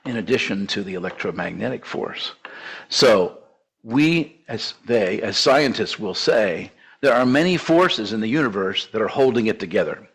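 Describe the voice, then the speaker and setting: A man's voice: lowish voice, slightly rough, rough recording. An older man in his seventies giving a conversational sermon-style teaching, with asides and restarts. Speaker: preacher.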